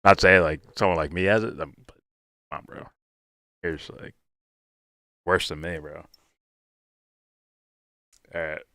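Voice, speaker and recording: A man's voice: low-pitched, fairly even intonation, measured pace, pauses often, bright, forceful tone, no echo, clean studio sound. A man hosting a live reaction stream in loose, casual talk, swearing freely and laughing often.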